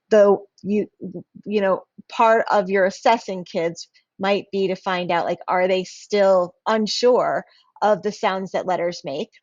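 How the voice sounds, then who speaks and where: A woman's voice: mid-range voice, no echo, dull audio. A woman instructional coach giving a casual professional development talk to teachers, full of fillers and restarts. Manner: hesitant, many fillers and restarts.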